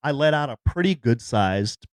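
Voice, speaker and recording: A man's voice: mid-range voice, lively intonation, normal speed, smooth, dry recording, clean studio sound. A man, co-hosting a podcast and telling a jokey story in a casual chat. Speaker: podcast co-host. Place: in a car.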